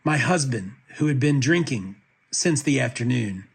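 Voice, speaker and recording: Husky-voiced man reading court papers. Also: mid-range voice, lively intonation, moderate pace. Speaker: commentator reading court records. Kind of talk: reading documents aloud.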